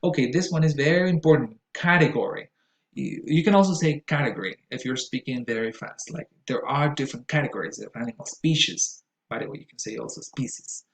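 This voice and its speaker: A man's voice: medium pitch, fairly quick, gravelly, few pauses. A man teaching pronunciation in a lecture style, explaining patiently and repeating each word for emphasis. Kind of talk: classroom lecture. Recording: echoey room.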